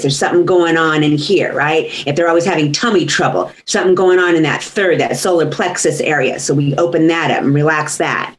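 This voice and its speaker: A woman's voice: low-pitched, poor audio. A woman who works as a voice coach, chatting casually in a group conversation.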